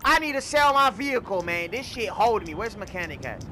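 A man doing comedic game commentary, loud and theatrical, swinging between mock grief and yelling. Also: sits high, very animated, fast talker. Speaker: gaming YouTuber. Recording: background noise under the voice.

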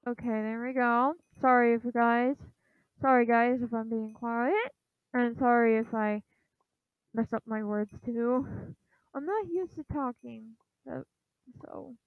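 A high-pitched woman talks slowly through her game, hesitant and full of fillers, and she keeps apologizing. Her voice comes through a thin, phone-like mic with a dry, close sound and no room around it. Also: dry recording. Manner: urges the game on with repeated short cries. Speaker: gaming channel host. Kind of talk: casual gameplay commentary.

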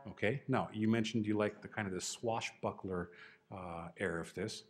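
A man's voice: fairly low pitch, moderate pace, faint music behind. A man teaching a trombone masterclass, coaching a student with short, encouraging cues and dry humor.

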